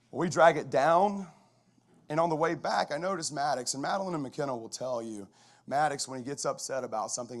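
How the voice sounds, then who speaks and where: In a medium pitch, a middle-aged football coach tells stories at a chapel in a lively, conversational talk that keeps restarting.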